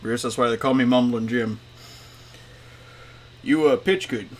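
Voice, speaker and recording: A man voicing a gruff janitor who mumbles in short, broken phrases. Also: medium pitch, a little slow, far from the mic, natural voice. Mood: terse.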